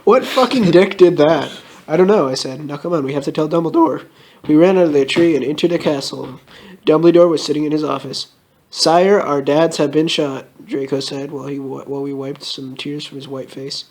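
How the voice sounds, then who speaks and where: A young man giving a comedic, mock-melodramatic reading of a fan story, with shrill put-on outbursts. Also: fairly quick, a little mellow.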